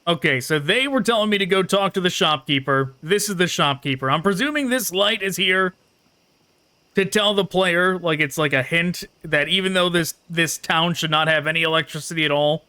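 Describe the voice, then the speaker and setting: A man's voice: a little high, bright, forceful tone, clear, resonant tone, dry recording. A man hosting a gaming channel, chatting casually and laughing as he critiques a game while playing it. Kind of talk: casual gameplay commentary.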